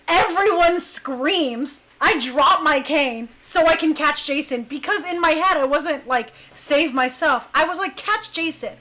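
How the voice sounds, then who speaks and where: A young adult woman casually telling a story about her dance crew, animated and laughing often as she acts out what others said. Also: high-pitched, a little slow, few pauses.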